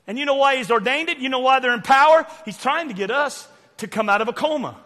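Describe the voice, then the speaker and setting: An older man with a Southern US accent preaching a fiery sermon, loud and preachy with sudden shouts and quiet asides. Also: very high voice, quick pace. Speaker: pastor. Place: church sanctuary. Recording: long church hall reverb.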